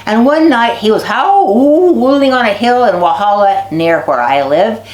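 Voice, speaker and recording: A woman telling animal folk tales to children, lively and dramatic, stretching words for effect. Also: fairly high pitch, a little slow. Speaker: storyteller. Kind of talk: storytelling to children. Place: basket making barn. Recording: echoey barn recording.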